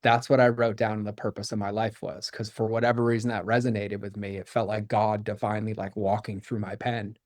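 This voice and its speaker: A man speaking as a podcast guest, telling a personal story in a candid, animated way and acting out the dialogue he quotes. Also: lowish voice, fairly quick, few pauses, no room sound, clean studio sound. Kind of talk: storytelling in conversation.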